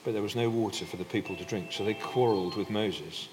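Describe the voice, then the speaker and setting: Speaking fast in a low, darkish voice, a man preaches a conversational sermon in a church hall, frequently restarting his sentences and leaning on filler words. Faint background noise and hall reverb color the recording.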